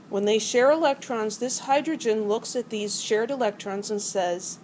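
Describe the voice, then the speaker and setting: A woman's voice: a little high, normal speed, hardly any pauses, a little mellow, slight background noise, low-quality recording. A middle-aged woman teaching a college chemistry class, explaining ideas by acting out atoms as arguing characters. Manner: playful, acts out atoms as characters. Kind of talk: classroom lecture.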